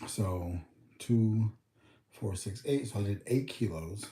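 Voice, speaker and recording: A man's voice: fairly low pitch, takes it slowly, dark tone, reverberant. Rambling New guy on a livestream. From United States. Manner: rambling, talks to chat, thinks aloud with numbers. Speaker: livestream host. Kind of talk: casual livestream chat.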